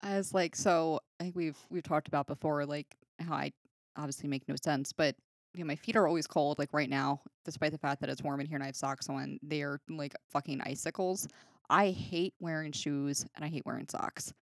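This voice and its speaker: A woman's voice: low-pitched, fairly even intonation, a little fast, no room sound, studio quality. A woman co-hosting a casual podcast chat about a film, rambling with lots of fillers, swearing freely and laughing often. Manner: rambling with many fillers and restarts. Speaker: podcast co-host.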